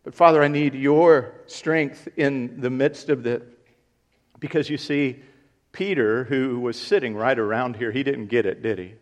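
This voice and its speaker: An earnest male pastor in the middle of a sermon. He drives his points home by repeating them, swelling louder on the lines that matter. His pitch sits in an ordinary middle range for a man. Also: fairly even intonation, measured pace. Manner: earnest preaching, rising in volume for emphasis; repeats key points for emphasis.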